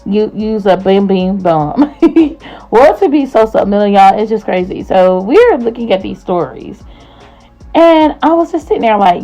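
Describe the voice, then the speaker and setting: A woman's voice: mid-range voice, animated, a little slow, mellow, soft background music, low-quality recording. A woman hosts a gossip vlog and recaps online drama in a chatty, casual way, full of slang and asides to her viewers. Her voice sits in a middle register, and she talks straight into the camera. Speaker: host.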